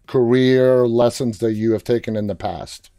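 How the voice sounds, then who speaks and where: A male host leads a live interview with a fan's eagerness. His voice is mellow and dark-toned. The sound is close and dry. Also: mid-range voice, steady tone, normal speed, dry recording.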